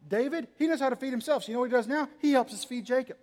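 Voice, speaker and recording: Male pastor, high voice, dynamic sermon delivery with humor, hall reverb. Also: racing. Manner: dynamic, swinging between quiet asides and loud emphatic lines; humorous, teasing the congregation. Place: church hall.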